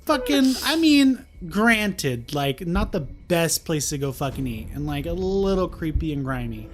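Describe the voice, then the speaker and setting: A woman's voice: deep voice, expressive, a little slow. Sarcastic, swearing woman podcast co-host. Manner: blunt, sarcastic, swears a lot. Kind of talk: casual chat.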